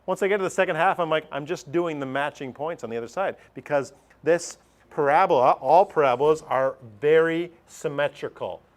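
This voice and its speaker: A man's voice: on the high side, fairly quick. A middle-aged man teaching a math lesson over a screen recording, chatty, thinking aloud and putting questions to himself.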